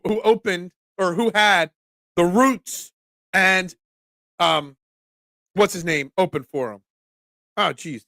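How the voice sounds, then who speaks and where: Hosting a laid-back sports talk stream, a congested man in his forties rambles through chat comments in a high, bright, forceful voice that cracks. The recording is dry and studio quality.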